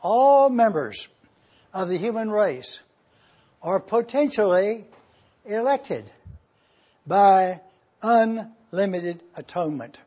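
Husky guy preaching, pretty high voice, gets loud then goes real quiet. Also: muffled recording. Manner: emphatic preaching, swells loud on key phrases, drops soft and low. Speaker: pastor. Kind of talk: sermon.

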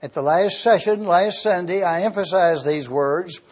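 A man preaching a teaching sermon, explaining Greek verb forms slowly and emphatically, spelling words out letter by letter. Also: sits high, darkish tone, slightly rough. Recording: dull lo-fi recording.

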